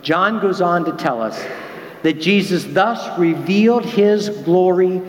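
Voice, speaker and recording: A man preaching a sermon, acting out the quoted lines with lively swings in his voice. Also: slow. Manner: animated, acts out quoted lines with big pitch jumps. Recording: echoey hall.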